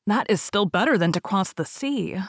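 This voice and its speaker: A woman's voice: medium pitch, animated, moderate pace, slightly rough, dry recording, clean studio sound. A woman voicing a young fir tree in a storybook reading, restless and full of yearning. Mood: longing. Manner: yearning, wistful.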